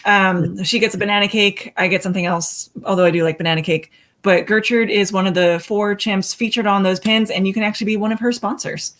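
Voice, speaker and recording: A woman from the sanctuary staff chats casually and a little hesitantly, pausing on small fillers. Her voice has an ordinary, middle pitch. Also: fairly even intonation, a bit bright. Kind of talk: casual chat.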